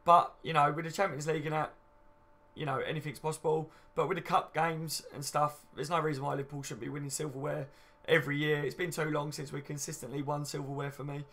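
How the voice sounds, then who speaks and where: This fan channel livestream host, a man in his late twenties, talks fast with a flat delivery in a fairly high, fairly bright voice. Matey and chatty, he reads out viewer comments, swears freely, and frequently drops "you know what I mean."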